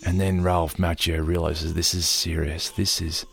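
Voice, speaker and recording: Low, raspy man; loose, meandering storyteller, gravelly edge. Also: flat delivery, measured pace, a bit bright. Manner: rambling, loose storytelling with many fillers. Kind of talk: casual retelling of a film scene.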